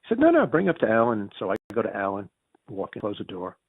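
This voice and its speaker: A man with a Northern US Yankee accent telling stories as an interview guest, acting out quoted dialogue with big pitch jumps and often restarting his words. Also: huge pitch swings, fast talker, husky, dry recording. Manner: frequent restarts and repeated words. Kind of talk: storytelling in a conversational interview. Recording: tinny phone-like dry audio.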